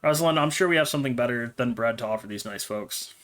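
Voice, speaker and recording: A man reading the lines of a calm, matter-of-fact middle-aged male necromancer in a storybook. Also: mid-range voice, quick pace, close to an everyday voice.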